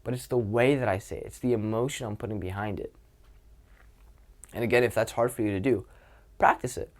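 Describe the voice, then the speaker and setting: A young man coaching social skills in a casual, expressive way, swearing freely. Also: on the low side, a little fast.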